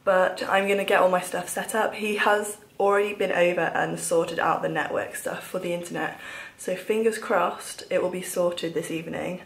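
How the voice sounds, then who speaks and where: A woman's voice: fairly low pitch, fairly even intonation, moderate pace, creaky, breathy edge. A young woman in her twenties, chatting casually to a handheld camera in a bubbly vlog style. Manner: chatty and bubbly, with sighs of frustration. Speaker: vlogger.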